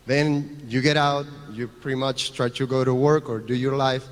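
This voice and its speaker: A man's voice: mid-range voice, steady tone, normal speed. A man with a Venezuelan Spanish accent, a non-native English speaker, giving an earnest conference talk and repeating phrases as he explains. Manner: earnest, repetitive, restarts phrases while explaining. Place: large conference hall. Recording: long reverb of a conference hall.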